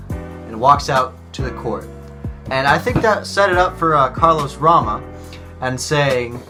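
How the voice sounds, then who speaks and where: A man talks through a tennis match in a casual, chatty way, explaining each step as he goes. He keeps dropping "like" into his speech. Clear music plays underneath. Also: medium pitch, normal speed. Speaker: video host reacting to a match. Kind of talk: casual commentary.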